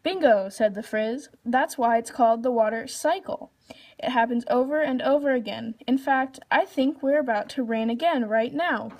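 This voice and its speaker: A woman's voice: fairly high pitch, normal speed, a little mellow. A woman reading a children's storybook aloud, lifting her voice for the characters' lines. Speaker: reader.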